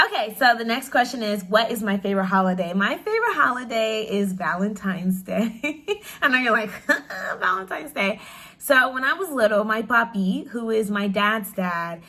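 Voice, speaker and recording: A woman's voice: medium pitch, normal speed, a bit bright. A young woman chatting casually to camera in a question-and-answer vlog, bubbly and full of "like" fillers, laughing often. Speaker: vlogger.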